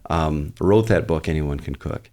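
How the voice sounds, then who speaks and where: A male pastor with a notably low voice, talking in a relaxed podcast interview. He thinks aloud and circles back to restart his points. He keeps an earnest, conversational tone and lets some easy humor in. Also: measured pace. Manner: earnest, explains at length with frequent restarts.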